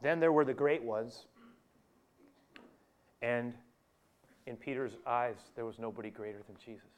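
A man's voice: medium pitch, unhurried, a little hiss or hum. A male preacher giving a conversational sermon, telling the story with animation, chuckling and speaking straight to his listeners.

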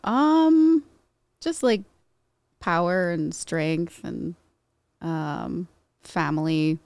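A woman guest on a live podcast who answers in a soft-spoken, shy way with short replies. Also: fairly low pitch, drawn-out words, gravelly, no room sound. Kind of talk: casual interview chat.

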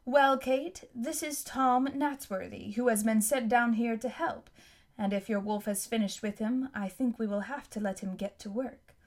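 A woman reading aloud, voicing a kindly middle-aged male explorer with a gently teasing manner. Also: fairly high pitch, moderate pace.

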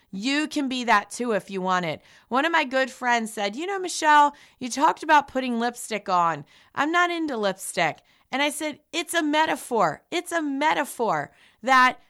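Bright, high-pitched woman giving a pep talk. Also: clean tone. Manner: upbeat, emphatic, pep-talk delivery. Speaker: radio show host. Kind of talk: motivational talk.

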